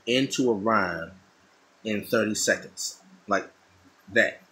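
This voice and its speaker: A man's voice: lowish voice, slow, long pauses, sharp tone, low-quality recording. A middle-aged man talking casually and thoughtfully, often repeating and restarting his phrases. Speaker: artist talking while drawing. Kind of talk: casual monologue.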